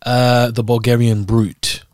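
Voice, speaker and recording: A man's voice: medium pitch, flat delivery, slow pace, darkish tone, slight background noise. A young man from Scotland co-hosting a podcast in loose, rambling, jokey chat. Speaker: podcast co-host. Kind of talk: casual chat.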